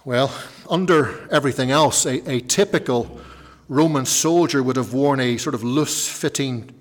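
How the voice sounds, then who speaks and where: A man preaching a sermon, slowing down and repeating phrases for emphasis. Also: mid-range voice. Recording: long reverb of a large hall.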